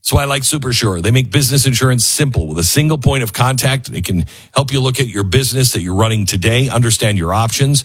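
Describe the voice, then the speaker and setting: A man hosting a talk radio show, rambling and animated as he jumps from aside to aside and reads ads in his own words. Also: fairly low pitch, breathy edge. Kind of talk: talk radio monologue with host-read ads.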